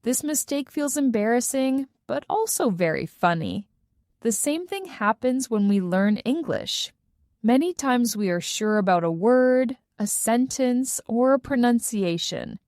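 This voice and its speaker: A woman reads a simple first-person story for English learners, slowly and clearly. Her pitch moves a lot, rising and falling to carry the story. The recording is close and dry. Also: dry recording. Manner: clear, carefully paced, expressive. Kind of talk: slow scripted storybook narration.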